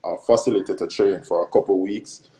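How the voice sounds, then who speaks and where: Young Jamaican male athlete guest, slightly low voice, earnest and reflective. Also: fairly even intonation, fairly quick, warm tone, low-quality recording. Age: young adult. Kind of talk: casual interview answers.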